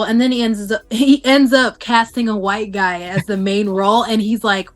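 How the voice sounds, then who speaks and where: A young woman from the Bay Area, a game show contestant chatting casually as a guest, talking fast with lots of "like" fillers. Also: a little high, faint music behind. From San Francisco Bay Area. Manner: fast, animated talk full of "like" fillers. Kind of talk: casual chat.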